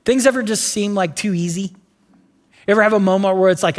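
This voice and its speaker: A man preaching a casual sermon, telling the story with animated voices and quick asides. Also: sits high, long reverb tail. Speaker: pastor.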